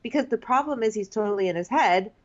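A woman co-hosting a casual podcast chat, quick to act out what people said. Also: on the high side, animated, muffled recording. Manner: chatty, quick to act out quotes. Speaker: podcast co-host.

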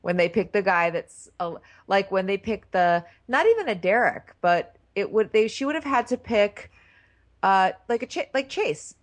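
Woman, podcast co-host, lively pitch, casual opinionated chat. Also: normal speed.

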